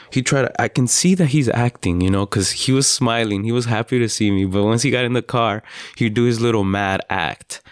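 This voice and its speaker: A father hosting a podcast, telling his story in an earnest, halting personal monologue with frequent restarts. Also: lowish voice, clean tone, dry recording, studio quality. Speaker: podcast host.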